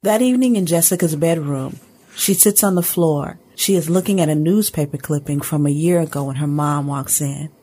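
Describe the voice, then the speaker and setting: Low, husky female narrator for a scripted drama. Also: moderate pace, mellow.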